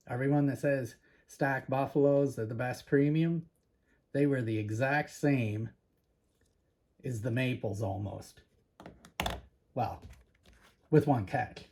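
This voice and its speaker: A man from Canada hosting a casual vlog, talking chattily to viewers and a bit out of breath. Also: mid-range voice. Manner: chatty, animated storytelling. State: slightly out of breath. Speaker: precious metals channel host.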